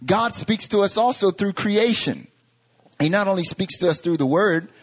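A pastor in his thirties, from North Carolina, preaching a sermon. He tells stories with animation and stacks up rhetorical questions. His speaking voice sits a little high for a man. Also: normal speed. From North Carolina, USA.

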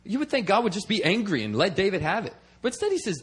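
A man's voice: high-pitched, very animated, fast talker, few pauses, a bit bright, slightly rough. A man preaching a sermon in a conversational way, often checking in with "okay?" and repeating words as he restarts. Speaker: preacher and missionary.

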